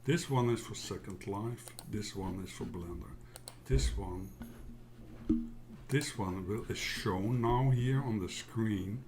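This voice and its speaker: A man teaching a software tutorial in a casual, halting way, often checking in with "yeah?". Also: on the low side, a crowd in the background. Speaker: tutorial instructor. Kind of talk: casual screen-share tutorial.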